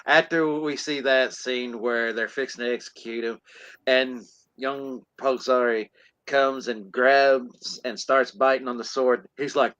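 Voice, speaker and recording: A man's voice: medium pitch, steady tone, unhurried, fairly bright tone, smooth, dry recording, highs cut off. A man co-hosting a podcast, casually retelling a film's plot and acting out the characters in silly voices. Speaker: podcast co-host.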